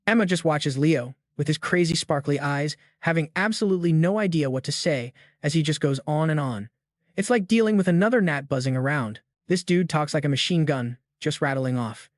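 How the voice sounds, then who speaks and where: A man narrates a story recap in a chatty, slangy voice that sits a little high. He talks straight to his listeners, like a friend passing on gossip. The recording is dry and close, with no room sound. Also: fairly quick, no room sound. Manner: chatty, slangy, addresses the audience directly.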